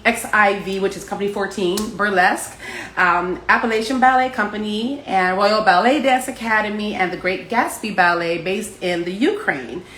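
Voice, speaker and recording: A woman's voice: mid-range voice, a bit bright. A woman hosting a live online talk show, reading a guest's introduction and then chatting effusively, gushing over her guest. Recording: roomy echo.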